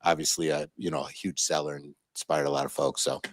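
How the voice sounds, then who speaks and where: A man in his sixties telling stories as an interview guest, animated, with many restarts and fillers. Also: a bass voice, fast, husky, no echo. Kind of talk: casual interview storytelling.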